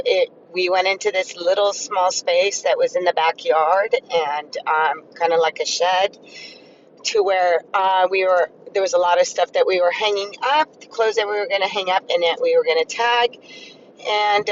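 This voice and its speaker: A man's voice: sits high, a bit bright, muffled recording, a little hiss or hum. A man vlogger recounting a personal experience in a hesitant, earnest way, full of ums and restarts. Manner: hesitant, filler-heavy and earnest. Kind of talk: personal storytelling.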